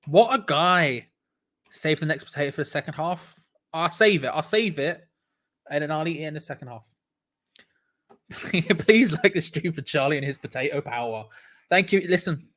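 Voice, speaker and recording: A young man whose voice runs on the high side hosts a live watch-along of a football game. He reacts with excitement, frequent laughter, and plenty of repetition.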